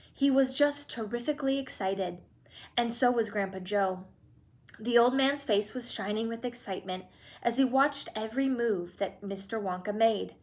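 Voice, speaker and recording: A woman narrating a children's storybook aloud in a lively, expressive manner. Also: a little high. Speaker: audiobook reader.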